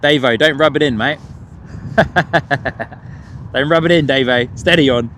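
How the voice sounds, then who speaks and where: A man's voice: mid-range voice, unhurried, fairly bright tone. A man hosting a live plane-spotting stream outdoors, chatting with viewers and laughing often. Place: outdoors by an airport on a cold windy morning. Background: wind and outdoor ambience.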